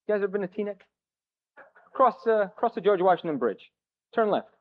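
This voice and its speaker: A man's voice: high voice, lively intonation, narrow, tinny audio. Joking man on a thin old tape. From New Jersey, US. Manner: halting, self-mocking, joking. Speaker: speaker at a recovery meeting. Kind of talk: personal recovery story told to a crowd.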